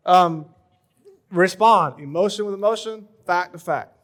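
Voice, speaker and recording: A man in his thirties giving a relaxed, joking talk at a church marriage conference, full of everyday stories. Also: high-pitched, a little slow. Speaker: pastor leading a marriage session.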